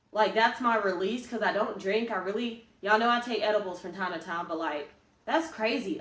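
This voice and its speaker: A woman's voice: mid-range voice, moderate pace, fairly bright tone. Chatty woman vlogging in a roomy space. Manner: chatty, rambling, emphatic and self-encouraging. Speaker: fitness vlogger. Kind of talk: casual vlog talk to camera. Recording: roomy, picked up from a distance.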